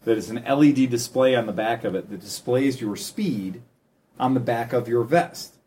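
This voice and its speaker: A man in casual chat, explaining things in an animated, chatty way. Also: medium pitch, moderate pace. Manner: animated, chatty explainer who laughs at his own jokes.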